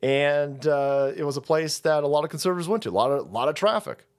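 Profane male streamer ranting, somewhat high voice with big swings in pitch. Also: animated, a little fast. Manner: foul-mouthed, rambling, sarcastic. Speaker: host. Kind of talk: ranting political commentary stream.

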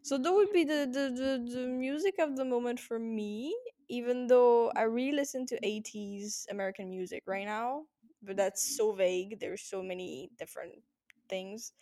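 A woman's voice: on the high side, normal speed, mellow. Playful young woman co-hosting a podcast. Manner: laughs often, playful teasing. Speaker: podcast co-host. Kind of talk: casual chat.

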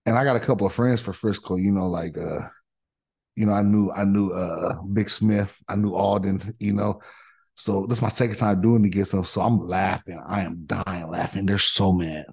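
A middle-aged man, a former pro football lineman, telling excitable stories with slang in a podcast chat. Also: sits low, moderate pace, creaky, breathy edge. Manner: animated, excitable storytelling with slang. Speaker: podcast guest, former NFL offensive tackle. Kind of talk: casual storytelling.

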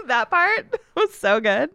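Female podcast co-host, mid-pitched, quick to laugh, eager comic chat, dry close sound. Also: dry recording. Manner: giggly, enthusiastic, laughs often. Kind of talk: casual comedic chat.

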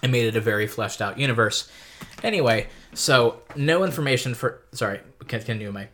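A man's voice: mid-range voice, fairly quick, sharp tone, a little hiss or hum. Man rambling on a book podcast. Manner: rambling, enthusiastic tangents with restarts. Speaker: podcast co-host. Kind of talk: casual book discussion.

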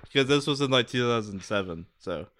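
A man's voice: mid-range voice, lively intonation, brisk, a bit bright. A young man co-hosting a podcast, telling stories in a rambling, laughing way in casual chat. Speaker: podcast co-host.

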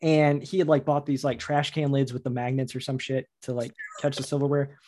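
A man hosting a casual chat, quick and talkative, agreeing a lot and teasing his guest. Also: medium pitch, little pitch movement, mellow, a little hiss or hum. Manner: quick and chatty, lots of agreeing "yeah"s and teasing.

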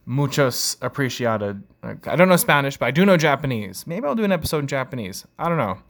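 A man's voice: on the high side, big pitch swings, fast, creaky, a bit bright. A man hosting his own podcast, rambling casually with many fillers and making jokes at his own expense. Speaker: podcast host. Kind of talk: casual solo podcast chat.

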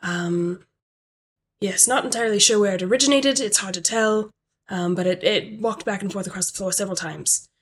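A woman voicing a fussy, hurried manager with a put-on British accent, hesitant and formal. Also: medium pitch, breathy edge, lightly acted. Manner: hesitant, lots of ums, formal.

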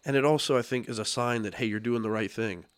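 Chatting in a podcast studio, a male host sounds upbeat and encouraging even as his voice wears thin from losing it. He talks fast in a mid-range voice, and there's no echo.

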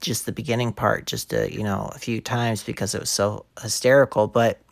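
A man telling funny anecdotes in casual podcast chat, animated, acting out the quotes in a raised voice. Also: brisk, vocal fry, no room sound, studio quality. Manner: animated, acts out quotes in a high voice. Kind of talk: casual storytelling.

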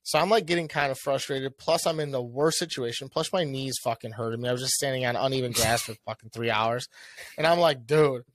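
A young man co-hosting a podcast, telling a story in casual chat. He swears a lot and acts out what he said with a rising, animated voice. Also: mid-range voice, a little fast, slight background noise. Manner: animated, swears often, acts out his own lines with a rising voice. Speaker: podcast co-host.

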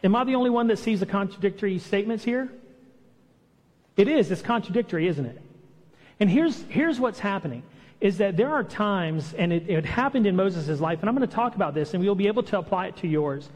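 A man's voice: sits high, expressive, a little fast, darkish tone, big-room sound. A man preaching a sermon in a conversational way, acting out the lines he quotes. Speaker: pastor. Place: church hall.

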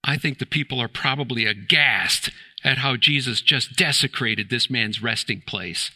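A man's voice: mid-range voice, normal speed, sharp tone, breathy edge. A man preaching a sermon in church, emphatic and fond of rhetorical questions, building to exclamations. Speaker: pastor.

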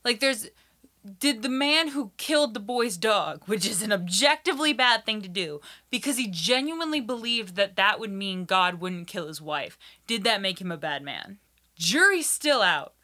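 A woman chatting casually as a podcast guest, telling animated stories with lots of "like" fillers and frank swearing. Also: mid-range voice, moderate pace. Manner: animated storytelling, many "like" fillers, swears freely. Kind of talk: casual chat.

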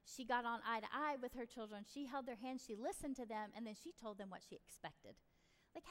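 A woman's voice: a little high, a little fast. Chatty woman in echoey room. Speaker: parenting advice speaker. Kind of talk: casual advice talk. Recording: reverberant room.

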